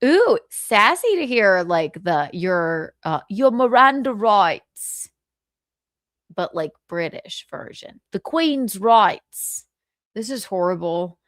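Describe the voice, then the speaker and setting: A woman's voice: mid-range voice, very animated, takes it slowly, a bit bright, no room sound, clean studio sound. A woman streamer chatting casually and giggling as she jokes while reacting to videos. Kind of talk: casual chat on livestream.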